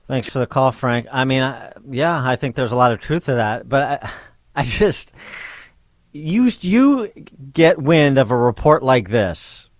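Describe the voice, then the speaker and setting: A male talk radio host speaking into a studio microphone with a dry, close sound and a middle-pitched voice. He stumbles over repeated words, then presses his point with pointed questions. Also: animated, no echo. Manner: emphatic, halting restarts then pointed questions.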